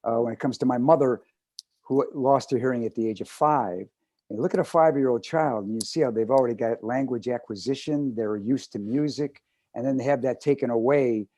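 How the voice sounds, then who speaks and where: A man speaks earnestly and deliberately on a panel, with occasional hesitations. His voice is mellow and dark, recorded dry and close. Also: medium pitch, no room sound. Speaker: actor panelist. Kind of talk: unscripted panel answer.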